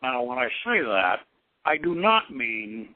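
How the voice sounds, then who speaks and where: A man's voice: medium pitch, very animated, measured pace, no echo. An older man hosting a call-in radio show, rambling and repeating words as he muses, with frequent chuckles. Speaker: radio host. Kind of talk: call-in radio talk on occult philosophy. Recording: dry tinny phone-like radio sound.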